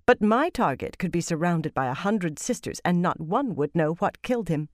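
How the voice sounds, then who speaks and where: A woman voicing an angry, haughty villainess in a fantasy audiobook, with a demanding, sharp manner. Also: fairly low pitch, expressive, normal speed, dry recording, clean studio sound, natural voice.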